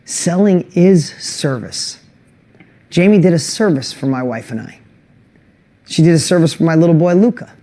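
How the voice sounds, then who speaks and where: A middle-aged man hosting an online course webinar, talking earnestly and emotionally and getting louder on rallying lists. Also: a little high, animated, moderate pace, long pauses. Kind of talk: motivational webinar talk.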